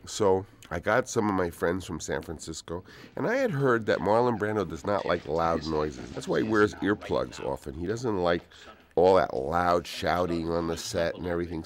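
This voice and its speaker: A man in his sixties telling anecdotes in a relaxed, rambling way for a film commentary, dropping to soft-spoken asides. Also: sits low, normal speed. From United States. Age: 60s. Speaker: film director. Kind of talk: DVD audio commentary, anecdotal storytelling.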